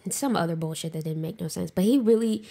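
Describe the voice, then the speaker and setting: Woman cohost telling a personal story, raw and emotional, lots of "like", some fry in the voice. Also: lowish voice, quick pace, mellow. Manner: frank, emotional, swears freely, heavy use of "like". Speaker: podcast co-host.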